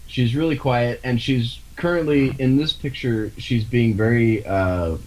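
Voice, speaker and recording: A man's voice: medium pitch, measured pace, darkish tone, rough recording. A man co-hosting a podcast in casual chat, talking in a rambling, hesitant way with frequent restarts and the odd swear word. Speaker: podcast co-host.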